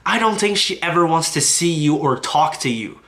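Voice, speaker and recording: Bright-voiced man ranting a drama recap. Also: on the high side, expressive, moderate pace. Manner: profane and indignant. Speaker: YouTube commentator.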